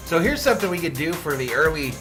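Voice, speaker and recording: A man's voice: a little high, fast, over music. A man hosting a fan watch party, calling the plays and joking with his chat. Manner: animated, jokey, reads chat names aloud. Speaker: fan host doing play-by-play. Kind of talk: live game call and chat reading.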